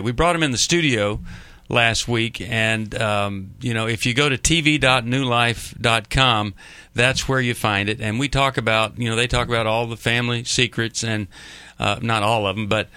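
A man hosts a call-in radio show, telling stories in a loose, chatty way full of "uh" and "you know." His voice is bright and pushy, and the studio sound is dry and close. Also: medium pitch, smooth, dry recording. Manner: chatty, storytelling with many fillers. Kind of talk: casual radio talk show chat. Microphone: studio microphone.

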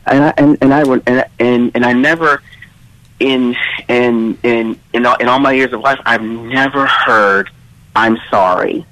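Halting male caller on a dry line. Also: medium pitch, fairly even intonation, a bit bright, no echo, low-quality recording. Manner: halting, repeating himself. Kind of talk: phone-in personal story.

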